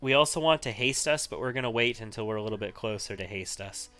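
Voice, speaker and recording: A man's voice: fairly low pitch, quick pace, very noisy. Man chatting over a video game. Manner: chatty, thinking aloud while playing. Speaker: let's-play host. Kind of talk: casual gameplay commentary.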